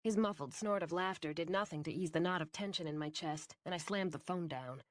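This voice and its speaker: A woman narrating a fantasy audiobook in first person, with a wry, brisk storytelling manner. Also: lowish voice.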